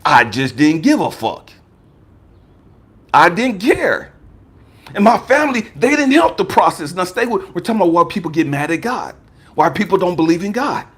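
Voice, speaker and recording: Husky American life coach in his fifties, slightly high pitched, blunt and profane testimony delivery. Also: sing-song, normal speed, a bit bright. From United States. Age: 50s. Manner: emphatic and profane, swinging from raised outbursts to low murmurs. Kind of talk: personal testimony talk.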